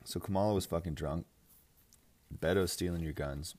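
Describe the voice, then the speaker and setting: A young man with a fairly low voice hosts a casual fantasy football podcast. He rants in a crude, mocking way, swearing freely and laughing often. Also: normal speed, darkish tone. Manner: crude, joking, mocking, frequent laughs and filler "like"; mimics others in exaggerated voices. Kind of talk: casual profane podcast rant.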